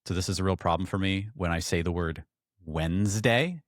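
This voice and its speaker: A man's voice: sits low, level tone, fast, no room sound, studio quality. A man with a Philadelphia accent, hosting a podcast in upbeat casual chat. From Philadelphia, USA. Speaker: podcast host.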